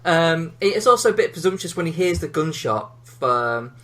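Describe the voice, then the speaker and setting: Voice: mid-range voice, lively intonation, normal speed, a bit bright. A podcast co-host chatting casually about a film, rambling and hesitant with frequent fillers and small laughs. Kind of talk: casual film review chat.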